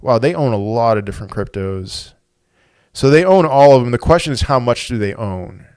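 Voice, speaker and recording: A man with a smooth, clear mid-range voice chatting casually on a livestream from a home desk mic. He thinks out loud in loose, rambling runs. The sound is close and dry. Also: medium pitch, expressive, moderate pace, no room sound. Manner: thinks aloud, rambling with restarts. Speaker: crypto livestream host. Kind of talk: casual livestream chat, reading viewer comments.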